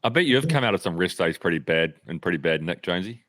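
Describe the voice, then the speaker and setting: Fast-talking low-voiced man. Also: expressive, fairly bright tone, no room sound, studio quality. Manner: quick, breathless storytelling with many fillers. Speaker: professional cyclist. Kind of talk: casual chat.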